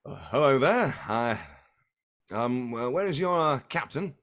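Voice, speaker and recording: A man's voice: medium pitch, lively intonation, a little slow, fairly bright tone, pitched above the performer's own voice. A man doing a courteous, formal mage. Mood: polite. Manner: polite, formal, a little fumbling. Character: courteous male mage, official on patrol.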